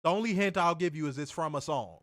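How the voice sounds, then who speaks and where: Man, wrestling reviewer, slangy and profane, fairly high voice, dry close sound. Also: fast, dry recording. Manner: animated, profane, slangy, reads chat aloud. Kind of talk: casual livestream review.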